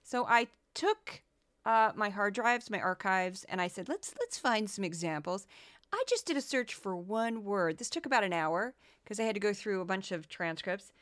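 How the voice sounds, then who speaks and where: A woman's voice: mid-range voice, normal speed, few pauses, fairly bright tone, dry recording, studio quality. A woman hosting a commentary podcast, talking animatedly and slipping into goofy voices. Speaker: podcast host.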